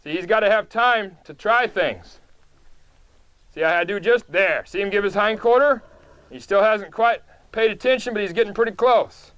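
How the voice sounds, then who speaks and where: A man working as a horse trainer, calmly and patiently explaining each step of a live demonstration in an outdoor pen. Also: sits high, normal speed, smooth, no echo.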